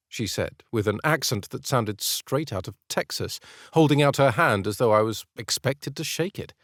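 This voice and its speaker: A man's voice: lowish voice, moderate pace, dry recording. A man with a British accent narrating an audiobook in the first person, with a dry, clipped, aristocratic manner.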